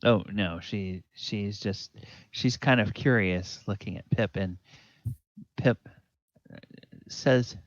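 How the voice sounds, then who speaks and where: A man narrating a tabletop game as dungeon master, pausing often with fillers. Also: lowish voice, no echo. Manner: hesitant, many fillers. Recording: dull lo-fi, dry sound.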